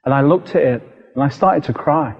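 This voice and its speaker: A British man preaching a sermon as a story, lively and re-enacting scenes with sudden shouts. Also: fairly high pitch, fairly quick, creaky, husky. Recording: dull recording with long hall reverb.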